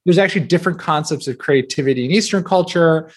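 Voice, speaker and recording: A man's voice: fairly high pitch, slightly rough. A man in his thirties from New Jersey, a guest author chatting casually in an interview, peppering his talk with fillers. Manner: chatty, quick, filler-heavy with many "like"s.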